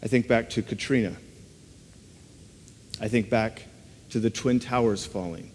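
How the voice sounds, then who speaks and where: A man's voice: on the low side, a little mellow, slight background noise. Earnest man preaching in a reverberant hall. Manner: earnest, conversational, with rhetorical questions. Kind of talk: sermon. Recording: long reverb of a large hall.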